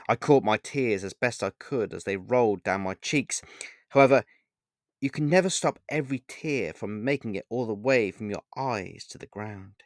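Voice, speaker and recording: A man's voice: on the low side, moderate pace, dry recording, studio quality. A man reading his own first-person short story aloud with earnest, emotional delivery.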